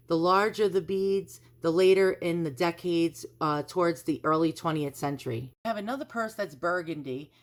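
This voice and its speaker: Chatty New woman, lowish voice. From New York. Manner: chatty, rambling, repeats herself. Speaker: antiques vlogger. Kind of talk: casual chat to camera. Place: at home.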